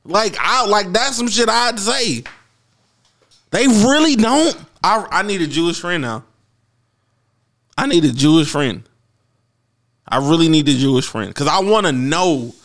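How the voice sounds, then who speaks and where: A man co-hosting a reaction stream, talking loudly and excitably, with frequent swearing. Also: high-pitched, unhurried, long pauses. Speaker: stream co-host. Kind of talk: casual reaction chat.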